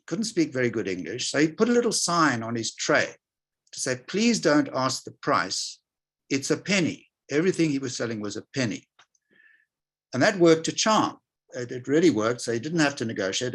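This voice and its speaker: Husky older man telling a story. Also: medium pitch, a bit bright. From South Africa. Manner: anecdotal, reflective, frequent restarts. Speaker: interview guest, retail executive. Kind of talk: storytelling in a conversational interview.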